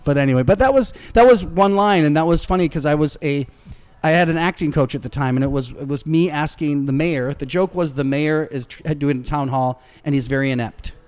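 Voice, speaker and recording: A male comedian guest trades anecdotes in casual chat at a restaurant bar, animatedly acting out the voices of the people in them. His voice is a little high, brisk and smooth.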